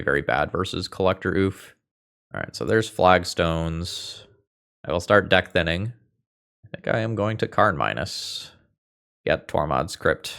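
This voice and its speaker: A man's voice: deep voice, a bit bright, clear, resonant tone. A man giving casual, wry commentary while playing a card game, thinking aloud and cursing at setbacks. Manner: wry, thinks aloud, swears when frustrated. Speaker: gaming video host.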